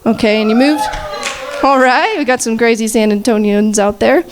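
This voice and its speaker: A woman emcees a panel at a campus chapel, ribbing each guest with jokey questions. Her voice sits a little high. She laughs easily and keeps things light on a handheld mic. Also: steady tone, moderate pace, a little hiss or hum. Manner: teasing, jokey, laughs often. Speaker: panel host at a chapel service. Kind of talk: playful interview questions. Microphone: handheld mic shared with guests.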